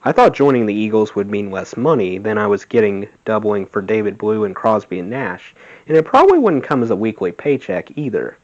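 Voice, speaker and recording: A man reading a memoir aloud in a steady, plain voice. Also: fairly low pitch, brisk. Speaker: audiobook reader. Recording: dull lo-fi sound.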